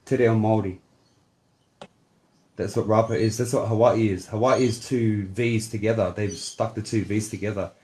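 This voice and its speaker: A man's voice: on the low side, fairly even intonation, moderate pace, darkish tone. A man from Polynesia in a casual online chat, talking emphatically and lecturing. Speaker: chat partner.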